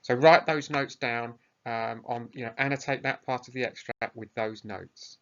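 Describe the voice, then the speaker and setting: Bright-voiced male teacher. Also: medium pitch, steady tone, normal speed. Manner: explaining tasks plainly, often hesitant. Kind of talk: recorded remote lesson. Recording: muffled lo-fi recording.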